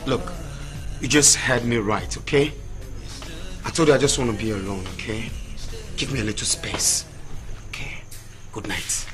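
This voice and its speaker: An actor with a Nigerian accent playing a rude, hot-tempered young boyfriend who shouts and brushes people off. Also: male voice, medium pitch, moderate pace, long pauses, music in the background, lightly acted. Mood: irritated. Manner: shouting, dismissive. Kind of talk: film acting.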